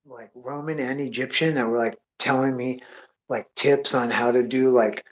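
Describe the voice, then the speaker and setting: A man of middle pitch rambles through a wild tale, swearing freely and drawling "dude" again and again. He gets excitable, jumping into sound effects as he goes. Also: normal speed, dull audio. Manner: acts out sound effects and voices. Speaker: storyteller. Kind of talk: rambling comic monologue.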